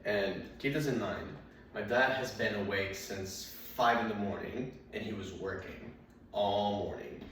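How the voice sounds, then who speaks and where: A man's voice: lowish voice, measured pace, a bit bright. A man doing stand-up, telling rambling anecdotes full of fillers and restarts. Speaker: stand-up comedian. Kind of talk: stand-up storytelling. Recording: very echoey room, mic far off, faint noise.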